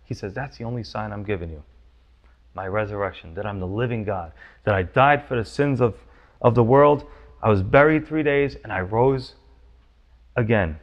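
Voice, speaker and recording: A man's voice: lowish voice, moderate pace, muffled recording. A man preaching a sermon, teaching verse by verse with emphatic, urgent questions. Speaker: pastor.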